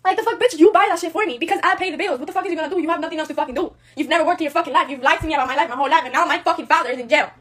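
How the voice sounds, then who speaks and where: Late-teen woman, native Spanish speaker, agitated live-stream rant, extremely fast talk. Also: sits high, a bit bright. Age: late teens. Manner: angry, profane, switching between Spanish and English. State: upset and agitated. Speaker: livestreamer. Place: at home.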